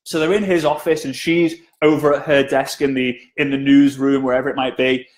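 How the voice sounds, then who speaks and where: A man's voice: medium pitch, little pitch movement, fairly quick. A man giving a live-streamed sales training talk, chatty and jokey, often asking viewers to comment.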